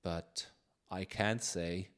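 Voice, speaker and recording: Low-voiced guy musing slowly while he codes on stream, lots of ums and restarts. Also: fairly even intonation, fairly bright tone, smooth. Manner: thinking aloud, musing with frequent fillers and restarts; reads chat questions aloud. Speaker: live-coding streamer. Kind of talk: casual live-coding chat.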